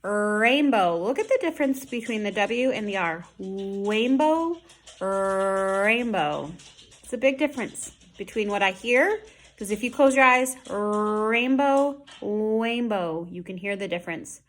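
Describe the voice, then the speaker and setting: A woman teaching an online lesson from home, speaking slowly and modeling speech sounds with exaggerated care. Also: a little high, animated, fairly bright tone.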